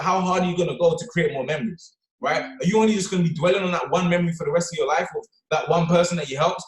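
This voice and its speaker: A fast-talking man with a slightly high voice delivers a motivational talk to his team. He drives his points home with constant "right?" and "okay?" tags. The sound is echoey, like a bare room. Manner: energetic, punctuates with "right?" and "okay?". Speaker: motivational speaker on a team call. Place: office or London.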